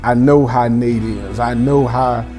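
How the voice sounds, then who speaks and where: A man's voice: mid-range voice, fairly even intonation, measured pace, over music. A man who is a football coach, speaking as a guest in an easygoing, reflective way. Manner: easygoing, reflective, many "you know"s. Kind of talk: casual conversation.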